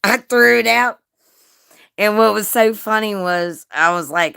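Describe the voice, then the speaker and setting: A woman's voice: mid-range voice, measured pace, vocal fry, a bit bright, clean tone, no echo, clean studio sound. A woman hosting a casual livestream, reading chat and telling stories with frequent swearing and laughter. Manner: crude, swearing, laughing often.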